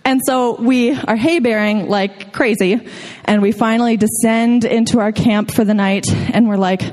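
A woman's voice: mid-range voice, fairly even intonation, normal speed, a little mellow. Casual woman telling a stage story. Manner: casual, filler-heavy, lots of "like". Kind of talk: personal story told on stage.

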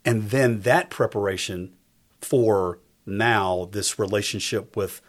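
A husky-voiced man in his fifties, fairly low in pitch and slow-paced, appears as a guest on a faith talk show. He speaks emphatically with a preacher's cadence, circling back to repeat his key lines.

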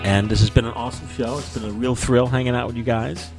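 A man's voice: mid-range voice, steady tone, fast, over loud music. A man hosting a podcast in casual chat, rambling and jokey. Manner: rambling, jokey, laughs often. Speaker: podcast host.

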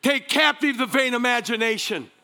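A man preaching a sermon as pastor, energetic, calling out to the congregation and joking between points. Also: very high voice, moderate pace, faint music behind. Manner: energetic preaching with crowd call-and-response; joking asides, repeats words.

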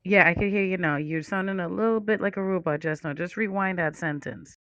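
A woman with a lowish voice hosts a casual talk podcast. She jumps in firmly and addresses her listeners directly. Her sound is dry and somewhat dull and lo-fi. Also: a little fast, a bit bright, no echo. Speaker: podcast host. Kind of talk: casual talk show hosting.

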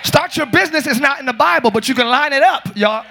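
A man preaching a lively sermon as pastor to a congregation, joking and calling out to them. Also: extremely high pitch, fast, vocal fry, background noise. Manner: shouting, joking, calls to the congregation. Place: large church with congregation.

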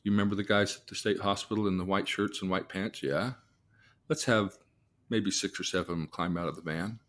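A man, a therapist, telling a case story, acting out the voices of the people in it and moving between soft, low asides and loud, excited bursts. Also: a little fast. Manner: vivid storyteller, acts out the people in his stories.

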